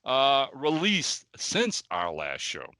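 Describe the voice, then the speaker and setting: Older midwest guy cohosting a podcast, talks animated, keeps saying okay and all right, crisp bright voice. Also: mid-range voice, slow, no echo. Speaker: podcast co-host. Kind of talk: casual podcast chat.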